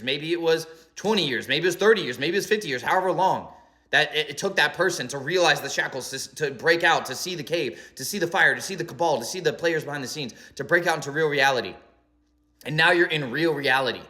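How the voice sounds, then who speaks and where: Young male monologuist, bright and forceful tone, rambling and emphatic delivery. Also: fairly high pitch. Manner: rambling, emphatic, many "like" and "right?". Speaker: spiritual commentator. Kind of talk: philosophical monologue.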